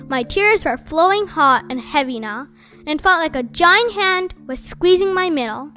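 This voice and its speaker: A woman reading a children's novel aloud in expressive first-person storybook narration. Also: very high-pitched, moderate pace, faint music behind. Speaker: audiobook reader.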